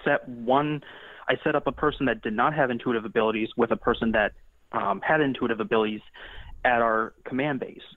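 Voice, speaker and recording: A man's voice: medium pitch, a little fast, dry recording. A man explaining his ghost-hunting experiments in loose, rambling talk full of restarts. His voice comes through a tinny, phone-like line with no room sound at all. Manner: rambling, many restarts and fillers. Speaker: paranormal investigator guest. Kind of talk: casual interview talk.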